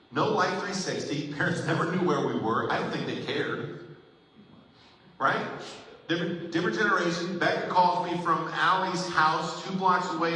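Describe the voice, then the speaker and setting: A man's voice: fairly high pitch, sharp tone, slight background noise. A middle-aged male pastor giving a sermon, with conversational storytelling and jokes, recorded in a church sanctuary. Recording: echoey hall from far off.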